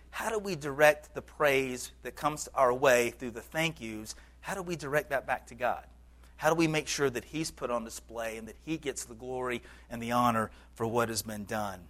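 Male pastor, mid-pitched, earnest conversational sermon delivery. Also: fairly quick, a bit bright. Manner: earnest, conversational preaching with occasional fillers.

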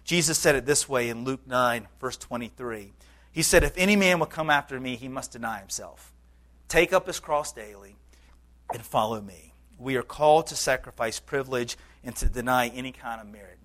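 A man's voice: medium pitch, fairly bright tone. A man preaching a sermon as pastor to his congregation, earnest and conversational, with occasional fillers.

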